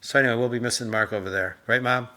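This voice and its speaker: A middle-aged man co-hosting a casual chat with his mother, telling rambling, animated stories and mimicking voices in them. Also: medium pitch, racing. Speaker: co-host.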